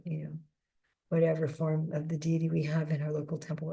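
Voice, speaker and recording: A woman giving a devotional lecture in a measured, reflective way, often restarting her sentences as she talks. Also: low-pitched, level tone, warm tone. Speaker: guest speaker giving a scripture class.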